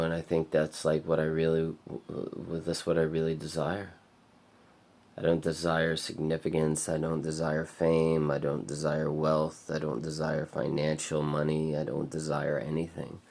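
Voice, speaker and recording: Man vlogger with a very low, gravelly voice. He talks in a rambling, halting monologue that at times sinks to a murmur. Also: completely flat delivery, a little mellow. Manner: rambling, halting, heavy on filler "like". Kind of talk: confessional monologue.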